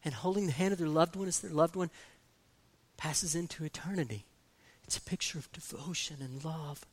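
A man with a notably high voice delivers a sermon on scripture. He leans on repetition, drops soft and low, then builds to loud, ringing emphasis. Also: moderate pace. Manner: emphatic, repeats key phrases, swings from soft to loud. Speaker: preacher.

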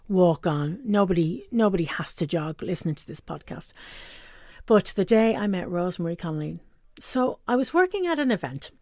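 A woman's voice: mid-range voice, a little mellow, no echo, studio quality. A middle-aged woman, hosting a podcast and telling a story in a chatty way, laughing often. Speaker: podcast host. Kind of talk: casual storytelling.

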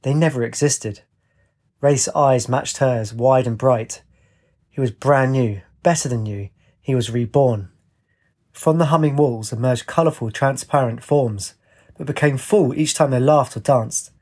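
A man reads a fantasy audiobook in a measured, descriptive manner. His voice has a husky, breathy grain and sits at an ordinary male pitch. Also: a little mellow. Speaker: narrator. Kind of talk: audiobook narration.

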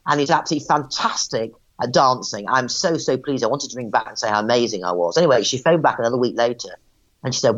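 A woman, a psychic medium, telling animated and rambling stories in an interview, in a dull lo-fi recording. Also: rumbling low, quick pace. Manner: animated, rambling, frequent restarts. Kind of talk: casual storytelling interview.

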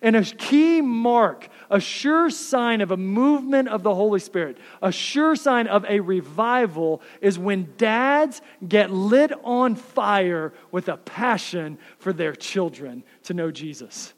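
A man in his thirties, a pastor preaching a sermon, swinging from fired-up passion to quiet, close asides. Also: high voice, animated, slow pace, few pauses, in a large hall. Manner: impassioned, builds up then drops to soft asides.

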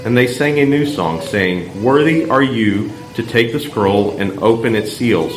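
A man reading scripture aloud in church, measured and solemn. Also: medium pitch. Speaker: lector. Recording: echoey church room, faint background hum.

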